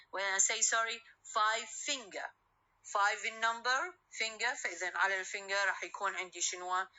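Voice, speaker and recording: A woman's voice: mid-range voice, pushed and bright, low-quality recording. A woman with an Iraqi Arabic accent giving a university lecture on English stress, mixing English and Arabic, with many hesitations and questions she answers herself. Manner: explains in English, then repeats in Arabic.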